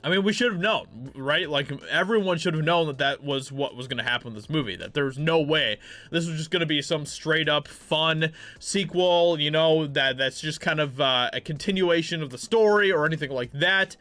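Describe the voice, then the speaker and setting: A man's voice: fairly high pitch, bright, forceful tone, dry recording. A man in sarcastic, mock-outraged opinion commentary, reading news aloud and reacting. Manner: sarcastic, mock-outraged, with filler words and restarts. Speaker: commentary YouTuber.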